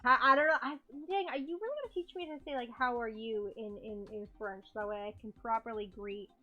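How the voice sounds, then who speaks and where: A woman streaming a video game, giving sarcastic, excitable commentary with quick laughs. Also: fairly high pitch, muffled recording.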